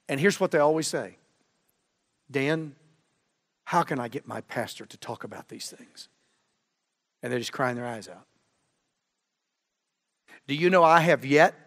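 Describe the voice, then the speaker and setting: A middle-aged man delivers a sermon from a church pulpit, his fairly high voice ringing with long reverb. He preaches with fervor, hammering some phrases loudly and dropping others to a low, earnest hush. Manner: fervent, swings from loud emphasis to low earnest tones. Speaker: guest preacher. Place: church sanctuary.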